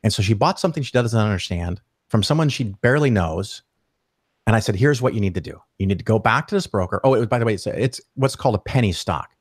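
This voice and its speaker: Animated, profane man telling a story. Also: lowish voice, quick pace, dry recording, studio quality. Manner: animated, profane, acts out quoted voices. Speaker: podcast guest. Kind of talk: casual storytelling interview.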